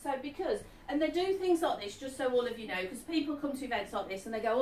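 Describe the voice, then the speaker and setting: A woman in her fifties, a medium speaking to a live audience in a chatty, animated way, often checking that her listener follows. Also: high-pitched, fast talker, hardly any pauses, slight background noise. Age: 50s. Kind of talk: live stage reading to an audience. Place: event hall. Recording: echoey hall, distant mic.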